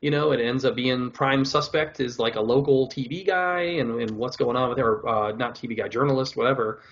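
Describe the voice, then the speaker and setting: A male podcast co-host chats casually while reviewing shows, rambling and packing his talk with "like" and "whatever." His voice is medium-pitched with fairly even intonation, he speaks fairly quickly, and the audio is dull.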